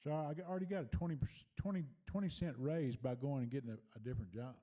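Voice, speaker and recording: Speaking fast in a warm, mid-range voice with fairly even intonation, an older storyteller rambles through a personal memory. His casual, folksy telling is packed with fillers.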